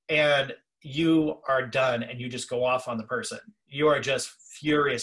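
A man's voice: medium pitch, fairly even intonation, moderate pace, few pauses, fairly bright tone. Man telling a story on a podcast. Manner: storytelling, acts out quoted callers. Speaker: podcast co-host, trainer. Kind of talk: conversational podcast talk.

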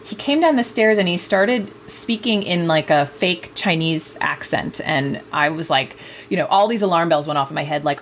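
Low gravelly-voiced woman explaining thoughtfully. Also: fairly quick, slight background noise. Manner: thoughtful, many fillers and restarts. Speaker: guest author, parenting expert; mother. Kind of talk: conversational interview answers.

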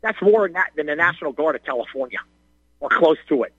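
Excitable older man calling in, stammering. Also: on the high side, fast, no room sound, lo-fi sound. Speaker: caller. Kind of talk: ranting call-in talk.

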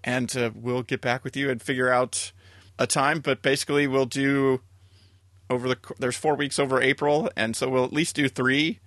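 A man's voice: mid-range voice, flat delivery, normal speed, fairly bright tone, no echo. Dry-voiced male podcast host. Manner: rambling, chuckling wrap-up announcements. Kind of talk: casual podcast chat.

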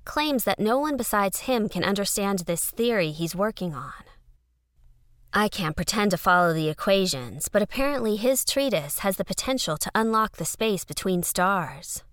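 A woman's voice: medium pitch, animated, normal speed, fairly bright tone, dry recording, studio quality. A woman narrating an audio fiction story in a conversational first-person letter style.

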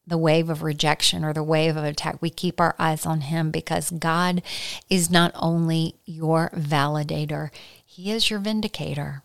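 A middle-aged woman giving an earnest, conversational Christian teaching, slowing down to stress key points. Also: deep voice, creaky. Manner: earnest, slows down for emphasis. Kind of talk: conversational sermon.

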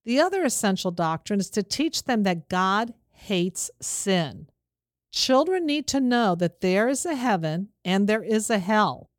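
A woman giving an earnest, steady religious lesson to parents, speaking in a plain instructive way. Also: medium pitch, unhurried, dry recording, studio quality. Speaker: Christian teacher for parents.

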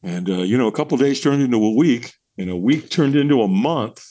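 A middle-aged man telling his story as a podcast guest, candid and animated, swearing freely. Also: brisk, dry recording. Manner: animated, jumps into high voices when quoting people. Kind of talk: storytelling in casual conversation.

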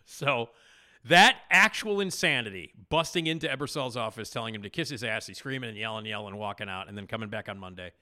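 A man hosting a podcast, casually retelling a TV backstage story with animated emphasis and frequent fillers. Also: on the low side, fast talker. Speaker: podcast host.

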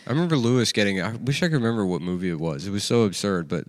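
A man's voice: fairly low pitch, rapid-fire, no room sound. A man hosting a casual comedy chat, telling a profane story full of fillers and restarts. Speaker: comedy podcast host.

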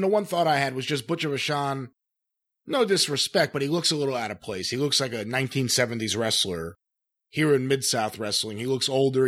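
A man co-hosting a casual podcast, reviewing old matches and reading out the show's plugs. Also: medium pitch. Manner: relaxed, wraps up with plugs. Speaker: podcast co-host.

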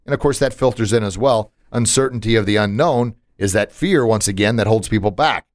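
A man's voice: fairly low pitch, a little fast, no room sound, studio quality. A man hosting a podcast in casual chat, emphatic and motivational, with punchy asides. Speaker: podcast host.

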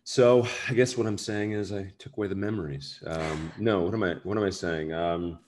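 A man's voice: sits low, moderate pace, a little mellow, slight background noise. A man, an actor, chatting casually in an interview, rambling and self-deprecating with many fillers. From United States. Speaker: actor guest.

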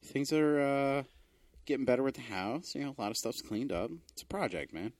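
A man co-hosting a casual podcast, telling an animated story with swearing and sudden high exclamations. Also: a little fast, dry recording. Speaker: podcast co-host. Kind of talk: casual chat.

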